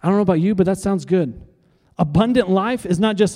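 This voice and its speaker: A man's voice: high voice, a little fast, a little mellow, in a large hall. A man pastor preaching a sermon, with emphatic repetition and call-and-response to the congregation.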